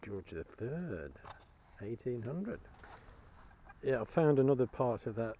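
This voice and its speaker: A man's voice: mid-range voice, very animated, slow, phone-quality sound, slight background noise. A man chatting cheerfully to the camera as he metal-detects outdoors, chuckling and enthusiastic about each find. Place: outdoors in a field.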